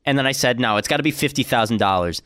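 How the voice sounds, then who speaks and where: A man's voice: medium pitch, fast, no echo, studio quality. A young man co-hosting a podcast, ranting and joking in casual chat. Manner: animated, ranting, jokey. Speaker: podcast co-host.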